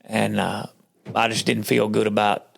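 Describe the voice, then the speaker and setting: A man's voice: lowish voice, flat delivery, normal speed, vocal fry. A man as a podcast guest, telling his faith story in casual chat like a folksy storyteller who acts out what other people said.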